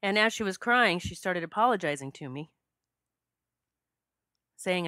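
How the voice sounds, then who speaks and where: Low-voiced woman telling a spiritual story. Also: measured pace, pauses often, pushed and bright, dry recording, studio quality. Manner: heartfelt, gets choked up and emotional. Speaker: podcast host. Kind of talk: personal storytelling monologue.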